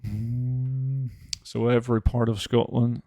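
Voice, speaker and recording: A man, streaming a game and chatting casually with viewers, relaxed and full of fillers. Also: medium pitch, slow, no room sound. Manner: relaxed, answers chat with many fillers. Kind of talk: casual live-stream chat.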